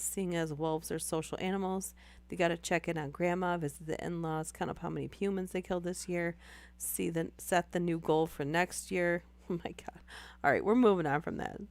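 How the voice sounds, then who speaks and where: Hoarse woman reading on a live stream. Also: on the low side, fairly even intonation, moderate pace. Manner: wry, laughs between lines. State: hoarse, losing voice.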